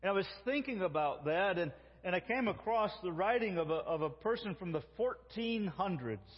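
A man preaching a sermon in an earnest way, slowing down to quote God's words. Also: sits high, lively intonation, husky, in a large hall, lo-fi sound. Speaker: pastor.

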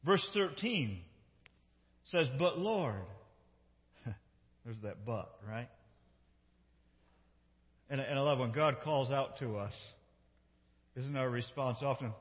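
A man's voice: mid-range voice, expressive, slow pace, long pauses. A male lead pastor preaching a sermon, reading scripture aloud with emphatic character lines and asking the congregation questions. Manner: conversational, asks the congregation questions. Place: church sanctuary. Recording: dull reverberant church hall sound.

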